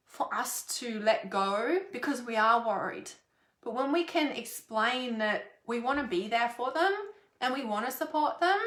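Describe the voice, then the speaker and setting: A woman's voice: fairly high pitch, fairly bright tone. A woman and parenting coach talking frankly and casually to camera, rambling and swearing freely. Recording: roomy echo.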